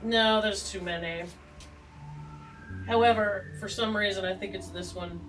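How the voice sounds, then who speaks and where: A woman's voice: medium pitch, fairly even intonation, unhurried, recorded from a distance, low-quality recording. A woman hosting a tarot video, chatting in a rambling, joking, self-deprecating way with plenty of asides. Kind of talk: rambling casual chat. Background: faint background music.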